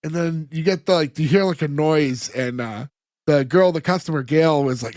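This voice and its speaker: Guy with a higherish voice rambling thru a recap, lots of likes and ums, dry close mic. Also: moderate pace, darkish tone, no room sound. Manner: rambling, many filler words, retells scenes. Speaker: podcast co-host. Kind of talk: casual chat recapping an episode.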